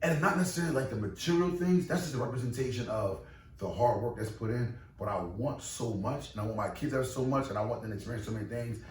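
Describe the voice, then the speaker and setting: A man who owns and runs a boxing gym, talking casually in a podcast interview, emphatic and animated with many repeated restarts. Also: mid-range voice, fast talker. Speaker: boxing gym owner and trainer. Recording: echoey room, distant mic, faint noise.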